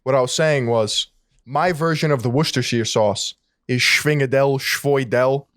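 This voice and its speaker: A man's voice: mid-range voice, normal speed, a bit bright, dry recording, clean studio sound. A young man co-hosting a podcast, talking casually and expressively, swearing and laughing easily. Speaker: podcast co-host. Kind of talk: casual chat.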